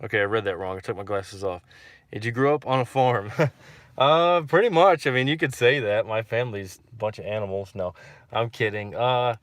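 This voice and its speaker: A man's voice: fairly low pitch, normal speed, no echo. A man from Texas hosting a casual livestream and reading out viewer comments, rambling and repeating himself with lots of fillers.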